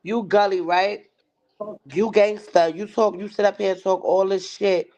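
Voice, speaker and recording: A woman's voice: medium pitch, fairly even intonation, measured pace, warm tone. A woman hosting a livestream and ranting, profane and heated, often mocking other people's voices. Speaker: livestream host. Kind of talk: livestream rant. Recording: dull lo-fi stream audio.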